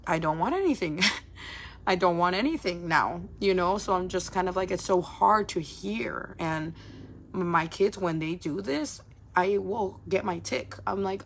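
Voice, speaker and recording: A woman content creator talking bluntly and casually to her supporters on a livestream, swearing often and throwing in quick asides. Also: lowish voice, lively intonation, vocal fry, slight background noise.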